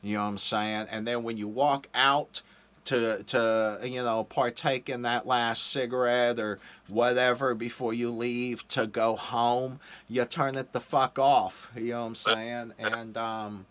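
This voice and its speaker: A man in his thirties hosts a podcast in loose, rambling chat. He swears freely and fills gaps with um and like. His voice sits at an ordinary middle pitch. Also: flat delivery, a little slow, a bit bright. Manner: rambling, profane, lots of fillers. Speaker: podcast host. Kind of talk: casual profane interview chat.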